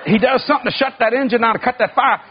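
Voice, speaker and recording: A man preaching a sermon, telling a story with sound effects and acted-out voices, building to shouts. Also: very high voice, racing, slightly rough. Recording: muffled lo-fi recording.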